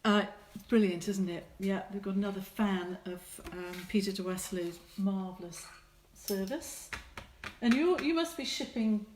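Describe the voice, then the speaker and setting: A woman's voice: mid-range voice, measured pace, darkish tone, a little hiss or hum. A middle-aged woman, a watercolour artist, chatting casually while she paints and teasing her viewers as she reads out their comments. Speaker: watercolour artist hosting a live painting session.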